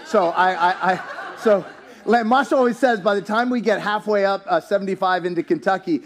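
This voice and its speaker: A man preaching a sermon in a church, animated and joking, rising to shouts at his peaks. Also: high voice, fairly quick, some chatter behind. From US, town near country. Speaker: pastor.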